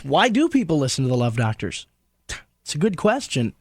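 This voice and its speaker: A man's voice: fairly high pitch, fairly quick, breathy edge, dry recording, clean studio sound. A man narrating a radio comedy compilation with mock-earnest sarcasm. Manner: sarcastic, deadpan mock praise.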